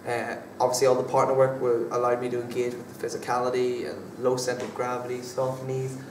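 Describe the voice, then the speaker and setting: Hesitant young man, flat voice, far off. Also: mid-range voice, brisk. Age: young adult. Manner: hesitant, many fillers and restarts. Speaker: drama student actor being interviewed. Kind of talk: casual interview answers. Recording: echoey room from far off, faint background noise.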